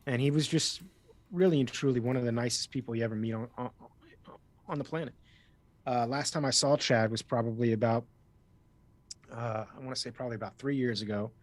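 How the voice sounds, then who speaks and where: A man's voice: medium pitch, a little fast, pauses often. A man from Miami with a slight East Coast accent, a guest telling stories in a casual interview, chatty and rambling with frequent restarts. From Miami, USA. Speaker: guest actor.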